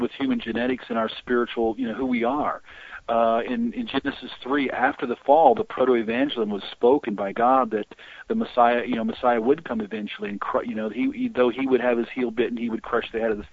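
A man telling long stories in an interview, rambling and halting with many restarts. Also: medium pitch, creaky, slightly rough, no room sound. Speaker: guest on deliverance ministry. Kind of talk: storytelling interview talk. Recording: tinny phone-line audio.

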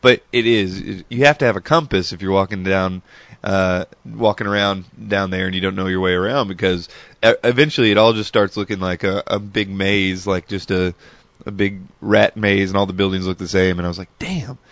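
A man's voice: low voice, steady tone, fairly quick, a bit bright, no echo. A man telling meandering stories in a casual, chatty monologue full of asides. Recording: dull lo-fi dry recording.

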